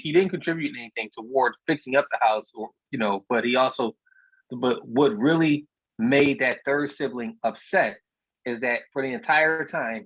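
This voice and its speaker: A plainspoken man with a slightly husky voice, telling stories in a casual, conversational way. His sound is dry and close, with little room around it. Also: mid-range voice, fairly bright tone, no echo, poor audio. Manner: storytelling, plainspoken, repeats words. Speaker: real estate investor speaker. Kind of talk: casual talk on a video meetup.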